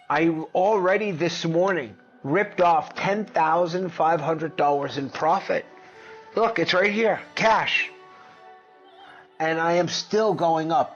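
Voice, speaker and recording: A man hosting a finance video, talking casually and excitably over his screen, brash and profane as he runs through figures. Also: on the high side, lo-fi sound. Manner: brash, profane, excitable, jumps between numbers. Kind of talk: casual screen-share commentary.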